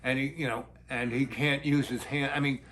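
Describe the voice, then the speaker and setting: An older man rambling through a long story in a blunt, crude, animated way. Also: mid-range voice, moderate pace.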